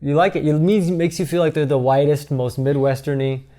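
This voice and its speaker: Profane, laughing comedian with a higher voice. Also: male voice, level tone, fairly quick, warm tone. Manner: profane, laughing, acts out quotes. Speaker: comedian guest. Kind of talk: casual podcast chat. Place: podcast studio.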